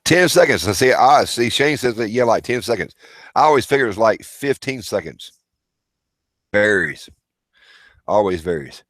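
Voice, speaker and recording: A man's voice: lowish voice, animated, normal speed, pauses often, fairly bright tone, dry recording. A man hosting a casual livestream, rambling as he reads viewer chat and calls out names. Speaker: livestream host.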